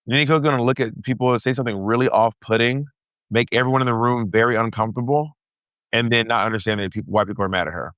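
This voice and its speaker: A middle-aged man co-hosting a loose recap chat, joking and doubling back on his words. His voice is mid-pitched and sits close and dry on the mic. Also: steady tone, fast, a bit bright, clean tone, dry recording. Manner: joking, trailing restarts, mock quotes in high voice. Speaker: podcast co-host.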